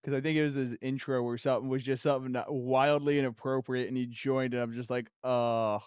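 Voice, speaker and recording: A man's voice: mid-range voice, little pitch movement, fast talker, a little mellow, clean tone, no echo, dull audio. A man streaming a game and chatting casually with viewers, laid-back and laughing often between his thoughts.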